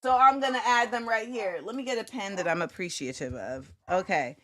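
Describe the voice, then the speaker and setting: A woman hosting a casual livestream, chatting with viewers. She jumps between loud, excited exclamations and quiet muttering to herself. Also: mid-range voice, brisk. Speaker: host.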